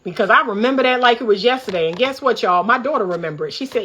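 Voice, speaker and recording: This relationship coach, a middle-aged woman from the D.C. area, speaks fast with few pauses in her livestream commentary monologue, sounding fired-up, preachy and candid. Her voice is fairly high, expressive and a bit bright, with a breathy edge.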